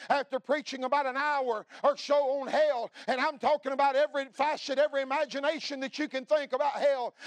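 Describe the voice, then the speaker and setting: A middle-aged man delivers a fiery revival sermon in a strikingly high voice. He swings between hushed, pleading stretches and shouted warnings, with plenty of "uh" fillers. The sound is close and dry, with no room echo. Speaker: pastor.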